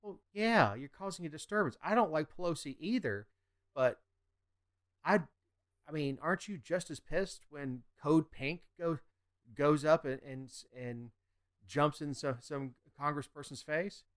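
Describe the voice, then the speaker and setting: A man's voice: a little high, unhurried. A man co-hosting a political podcast, talking bluntly and opinionated in casual chat. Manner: blunt, opinionated, drops into mocking impressions. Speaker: podcast co-host.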